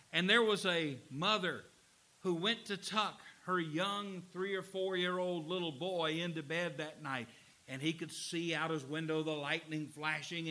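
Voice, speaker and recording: A man preaching a sermon, earnest, slowing down to stress key lines. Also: a little high, pushed and bright, low-quality recording. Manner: earnest preaching, slows for emphasis. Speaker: pastor.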